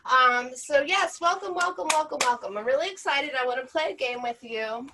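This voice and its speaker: A woman's voice: high-pitched, lively intonation, brisk, noisy background. Playful woman hosting a live stream. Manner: playful, laughing, teasing. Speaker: host. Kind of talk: casual live-stream chat.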